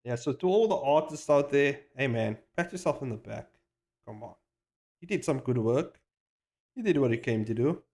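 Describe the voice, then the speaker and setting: A man chatting casually on a live stream while he animates, excitable and hyping himself up, swearing freely, rambling with restarts and slang. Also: medium pitch, normal speed. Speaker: animator streaming his work.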